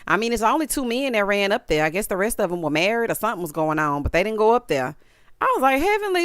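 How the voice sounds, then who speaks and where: A woman giving a sassy, animated recap and review of a reality show, with lots of asides to the listener. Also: medium pitch, no room sound, studio quality. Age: adult, formerly married. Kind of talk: casual commentary.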